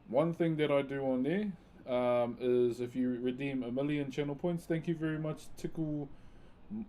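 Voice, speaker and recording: A man's voice: on the high side, dark tone, a little hiss or hum. A man chatting casually on a live stream, thanking viewers by name and using Maori words. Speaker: live streamer and wood carver.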